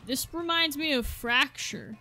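Excitable high-voiced woman gaming. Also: a little slow. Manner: excitable, exclaiming and apologizing a lot; self-deprecating joking. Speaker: gaming video creator. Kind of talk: live gameplay commentary. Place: at home, seated at a gaming desk. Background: game music and gunfire.

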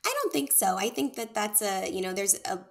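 A woman at a middle pitch, speaking as an etiquette expert. Her answers come out poised and gracious, measured and considered as she explains what good manners call for. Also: creaky. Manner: poised, warm-toned advice, measured and gracious. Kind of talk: interview answers.

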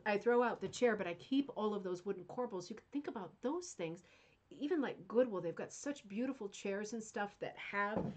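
A woman's voice: mid-range voice, a little mellow. A woman hosting a craft club show in a casual teaching chat, chatty and enthusiastic, rambling and often checking in with "right?".

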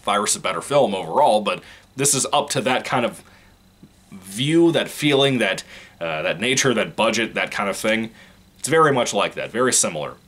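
A man's voice: fairly low pitch, lively intonation, normal speed, a bit bright. A man from Virginia giving a casual, rambling movie review, frank and profane, often breaking into laughter.

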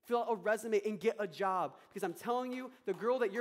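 A man's voice: high-pitched, quick pace, few pauses. A male pastor preaching a sermon with energy, acting out quotes and prayers.

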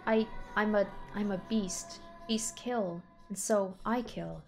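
A woman voicing a tormented young man who calls himself a beast, speaking in anguished, halting bursts and repeating himself. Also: mid-range voice, gravelly, soft background music. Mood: frantic.

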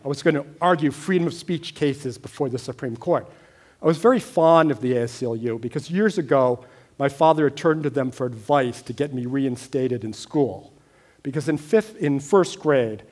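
A middle-aged American man telling a personal story on stage, wry and deadpan, growing animated at times. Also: on the high side. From United States. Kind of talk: storytelling talk.

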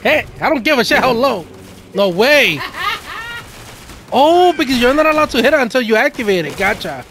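A man hosting a gaming channel, giving casual, excitable gameplay commentary full of swearing and laughter. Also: very high-pitched, normal speed, pauses often.

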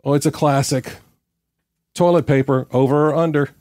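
A man's voice: a little high, fairly even intonation, moderate pace, a little mellow, no echo, faint music behind. A man hosting a podcast, chatting casually as he reads out quiz questions and riffs on the answers. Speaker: podcast host. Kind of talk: casual interview chat.

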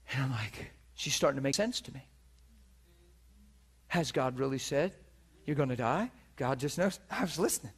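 A man preaching and telling a story in an animated way, with a handheld mic, acting out the people he talks about. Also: medium pitch, normal speed, long pauses, breathy edge. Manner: animated, acts out other people's voices. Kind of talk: storytelling sermon. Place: teaching hall before an audience.

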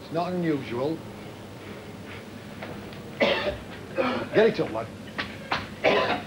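A gruff man training a wrestler in a gym, barking orders and encouragement. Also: on the high side, animated, drawn-out words. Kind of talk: coaching in the ring. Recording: noisy 1980 TV documentary sound.

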